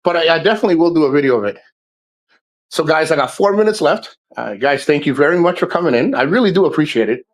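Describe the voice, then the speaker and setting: A man's voice: fairly high pitch, animated, fast, rough recording. Man, livestream host, casual chat, rambling, profane, jokey.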